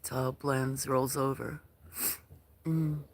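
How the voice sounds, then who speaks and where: Slow, soft-spoken man on a livestream. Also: medium pitch, level tone. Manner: slow, soft-spoken, hesitant with many fillers. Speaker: livestream host. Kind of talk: casual livestream chat. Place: outdoors at a farm.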